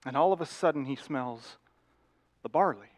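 Male pastor, animated sermon storyteller, slightly high voice. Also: normal speed. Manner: animated, addressing congregation directly.

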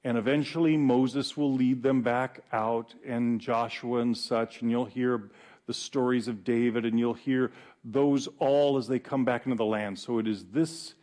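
A male pastor preaching a sermon in a conversational, animated way with fillers and pauses. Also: medium pitch.

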